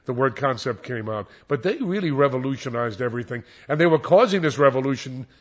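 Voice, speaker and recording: A man's voice: mid-range voice, fairly quick. Older man reminiscing, dull lo-fi sound. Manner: rambling, animated storyteller with many restarts. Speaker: radio disc jockey. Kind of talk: reminiscing interview answers. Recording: dull lo-fi recording.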